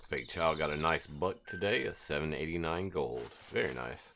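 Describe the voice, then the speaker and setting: Very deep gravelly male streamer. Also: moderate pace, a little hiss or hum. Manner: relaxed, chatty, reads out viewer chat. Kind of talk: casual live-stream commentary.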